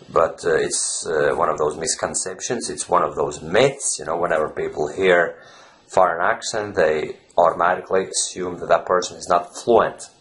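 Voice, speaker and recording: A man's voice: low-pitched, fairly bright tone. A man talking casually to camera as an English fluency coach, rambling and often adding "you know". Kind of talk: casual teaching vlog.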